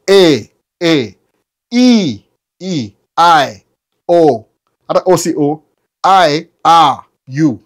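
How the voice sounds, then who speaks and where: A man with a Kenyan accent hosting a casual livestream, chatting with viewers in a loose, talkative way full of restarts. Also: on the high side. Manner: code-switching, chatty, stammering restarts. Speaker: livestream host answering viewers.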